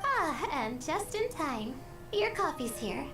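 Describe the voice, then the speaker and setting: A shy, sleepy young scholar in a video game, speaking very high and slow with a lively rise and fall. She hesitates and stumbles over her words when flustered. Clear background music plays under her lines. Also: distant mic, exaggerated voice. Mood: earnest. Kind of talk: game character dialogue.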